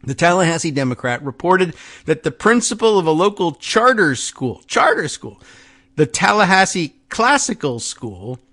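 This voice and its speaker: A man's voice: a little high, very animated, normal speed, sharp tone. A man hosting a podcast, giving casual political commentary with rambling, sarcastic, self-deprecating asides. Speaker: podcast host.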